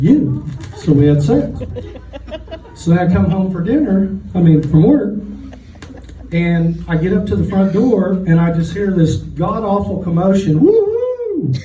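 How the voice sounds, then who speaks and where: High-voiced deadpan comedian in an echoey room. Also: male voice, dull audio, a little hiss or hum. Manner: deadpan storytelling with quoted voices. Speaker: stand-up comedian. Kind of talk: stand-up comedy set. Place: comedy night in a restaurant room. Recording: echoey room, voice heard from a distance.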